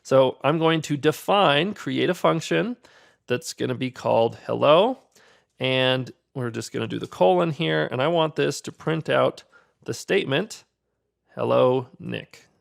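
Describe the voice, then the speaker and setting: A man's voice: mid-range voice, measured pace, vocal fry. A man teaching a coding lesson in an upbeat, conversational way. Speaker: programming instructor. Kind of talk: screen-recorded coding tutorial.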